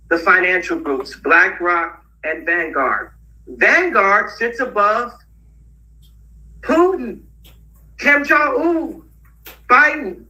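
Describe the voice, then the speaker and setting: A man's voice: high-pitched, pushed and bright, recorded from a distance, rough recording. A man talking as an interview guest, rambling through a story and laughing often. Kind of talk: casual rambling talk.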